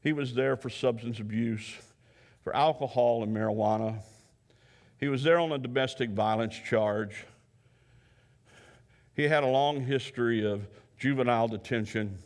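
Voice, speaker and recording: An earnest male counselor tells a story from his work at a mid pitch for a man. He speaks at an unhurried storytelling pace and often repeats himself. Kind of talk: storytelling talk.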